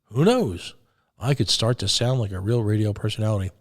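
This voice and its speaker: A man hosting live talk radio, sarcastic and halting, often stumbling over and repeating his words. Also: fairly low pitch, lively intonation.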